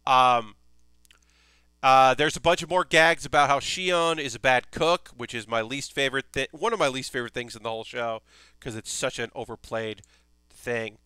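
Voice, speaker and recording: Bright-voiced, eager streamer man, close and dry. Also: medium pitch, moderate pace, clear, resonant tone, no room sound. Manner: rambling and enthusiastic, swears freely. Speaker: streamer building a model kit. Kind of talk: casual live-stream chat.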